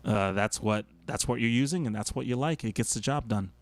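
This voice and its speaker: A man's voice: medium pitch, fairly quick. A man co-hosting a casual live stream who answers viewer questions in a loose, conversational way, hedging often. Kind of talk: casual chat.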